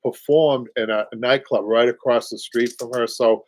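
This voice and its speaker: A man's voice: medium pitch, fairly even intonation, normal speed, a little mellow. Chatty Boston man hosting live. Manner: rambling and chatty, many fillers, chuckles often. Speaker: upholsterer hosting a live show. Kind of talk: casual live-stream chat.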